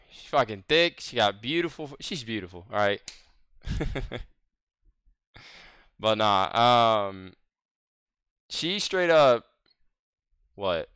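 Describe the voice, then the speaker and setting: A man's voice: medium pitch, expressive, takes it slowly, pauses often, fairly bright tone, smooth, no room sound, studio quality. A man in his twenties with a Southern American accent, streaming and chatting casually with friends, rambling, swearing and laughing often. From Southern United States. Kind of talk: casual gaming voice chat.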